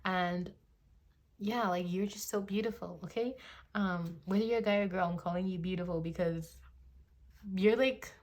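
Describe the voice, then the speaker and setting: A woman's voice: fairly low pitch, moderate pace, a little mellow. A woman in her twenties giving a casual tarot reading into a phone, rambling and full of fillers like "like" and "you know", now and then slipping into gushing quoted voices. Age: 20s. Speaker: tarot reader.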